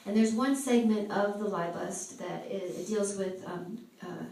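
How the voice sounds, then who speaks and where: A woman's voice: mid-range voice, measured pace. A woman sharing a live church testimony with a group, animatedly acting out the voices of the people in her story. She is recorded on a phone from across the room. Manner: animated storyteller who acts out quoted speech. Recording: echoey room, distant phone mic.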